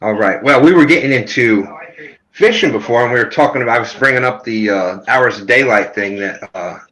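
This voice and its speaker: A man's voice: mid-range voice, fairly quick, fairly bright tone, poor audio. A man hosting a fishing livestream, rambling and hesitant, with many fillers. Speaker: host, catfisherman. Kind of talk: casual livestream chat.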